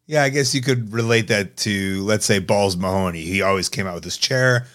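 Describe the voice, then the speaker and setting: A male podcast host with a fairly low voice, chatting casually. He comments in a laid-back, wry way and teases his guests. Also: normal speed, fairly bright tone. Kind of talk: casual chat.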